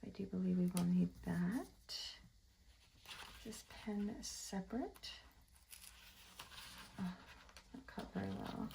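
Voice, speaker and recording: A woman chats casually as she works on her planner, her voice carrying a gravelly, fry-tinged texture. She rambles and often drops into soft half-whispered asides. Faint scratching of pens and tape sits behind her. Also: mid-range voice, lively intonation, takes it slowly, pauses often, a little hiss or hum, low-quality recording. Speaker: planner vlogger. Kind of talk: casual chatty voice-over while crafting.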